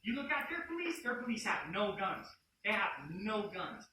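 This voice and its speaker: Young guy going off about cops, loud and swearing, recorded far away in a really echoey classroom with noise behind. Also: high voice, moderate pace. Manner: animated, profane storytelling. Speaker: student speaker. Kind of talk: telling a personal story to a class. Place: university classroom.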